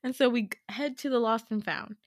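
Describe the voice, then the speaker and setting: A woman in her twenties, a podcast host, telling a story in a casual, animated way, giggling and swearing freely. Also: a little high, fairly quick, no echo, studio quality.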